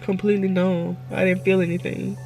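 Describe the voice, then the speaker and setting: A woman's voice: on the low side, level tone, a little fast, vocal fry, mellow, faint music behind. A woman vlogging at home, crying and talking in rambling, repetitive bursts with stumbling restarts. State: tearful, crying. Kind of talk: emotional personal vlog.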